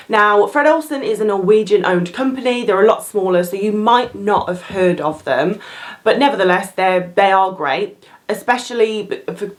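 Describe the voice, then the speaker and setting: A young woman who worked on cruise ships, talking frankly to camera in a casual vlog and often dropping in "like" and quick asides. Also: medium pitch. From England. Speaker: former cruise ship crew member and vlogger.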